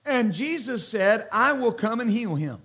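A man preaching a sermon as pastor, slow and emphatic, repeating words and calling out praise between points. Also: very high-pitched, very animated, fairly bright tone, slightly rough.

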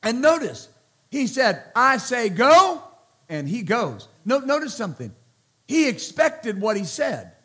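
A man preaching a sermon as pastor, slow and emphatic, repeating words and calling out praise between points. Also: high-pitched, sing-song, husky.

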